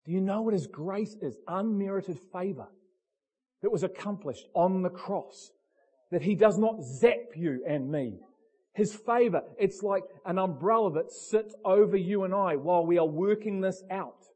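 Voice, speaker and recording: A man's voice: high voice, unhurried, warm tone. A man preaching a passionate sermon, talking bluntly and asking the congregation direct questions. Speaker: pastor.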